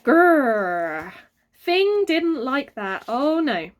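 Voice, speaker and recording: A woman reading a children's book aloud, very expressive and adding sound effects. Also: fairly high pitch, a little slow. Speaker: reader. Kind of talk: storybook read-aloud for children.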